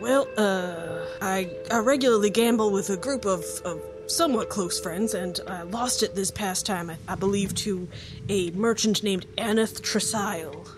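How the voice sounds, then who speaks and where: A woman's voice: medium pitch, moderate pace, lightly acted. A woman voicing a scatterbrained male djinn father, flustered and rambling, over background music. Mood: apologetic.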